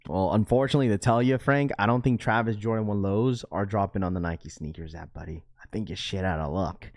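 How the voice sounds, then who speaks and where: A young man runs a laid-back live stream, reading out viewer comments and firing back slangy banter. He talks a little fast, and his voice gets loud and high when he's worked up.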